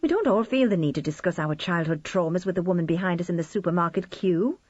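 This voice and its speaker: A woman's voice: on the low side, lively intonation, quick pace, a little mellow, no echo. A woman reading an audiobook, voicing a defensive grown daughter who answers curtly. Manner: curt, defensive retorts. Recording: slightly dull lo-fi recording.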